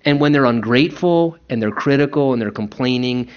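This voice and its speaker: A man's voice: medium pitch, fairly quick, clean tone. A man preaching a conversational sermon as a pastor, acting out quoted voices as he goes. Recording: dull lo-fi recording.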